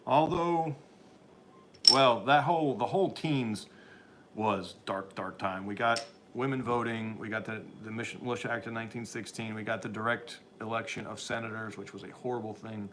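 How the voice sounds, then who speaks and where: Over a noisy background, a livestream host with a lowish voice reads viewer chat and responds with rambling, opinionated remarks. He speaks at normal speed, often starting sentences over and chuckling.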